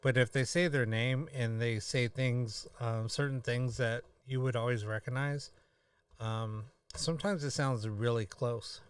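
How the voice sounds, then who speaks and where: Tired, halting man, slightly off-mic. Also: medium pitch, fairly even intonation, smooth, dry recording, studio quality, far from the mic. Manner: halting, many pauses and fillers. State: tired, yawning. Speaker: live stream host. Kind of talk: casual live-stream chat.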